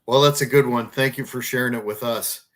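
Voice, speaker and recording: A man's voice: mid-range voice, steady tone, brisk, a bit bright. A man interviewing a guest, who thanks him and asks long, rambling questions full of fillers. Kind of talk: casual interview.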